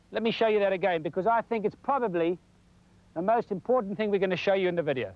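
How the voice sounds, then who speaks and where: This is a high-voiced man, a golf instructor on 1990s television, offering a homespun lesson while showing the moves. He speaks a little fast, and the recording has its highs cut off.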